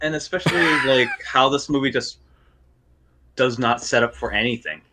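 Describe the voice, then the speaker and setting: A man's voice: medium pitch, moderate pace, noisy background. A man who is a guest on a movie review show, chatting casually and acting out his own reactions. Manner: laughing, acts out his own reactions in quotes. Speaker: guest, martial artist and filmmaker. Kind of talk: casual spoiler review chat.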